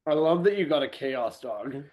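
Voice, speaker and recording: A man's voice: mid-range voice, lively intonation, normal speed, a little mellow. A Canadian man co-hosting a podcast, joking and rambling through casual chat. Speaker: podcast co-host.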